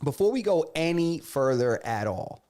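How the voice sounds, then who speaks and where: A man's voice: on the high side, very animated, normal speed, darkish tone. A young man, co-hosting a podcast, playful and emphatic, laughing often. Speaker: podcast co-host. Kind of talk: casual chat.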